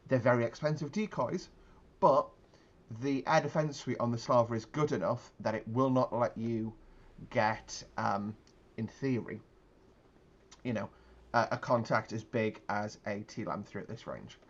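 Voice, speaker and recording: A man's voice: medium pitch, a little slow, lo-fi sound. A man giving casual gameplay commentary, explaining tactics in a rambling way with many fillers and restarts.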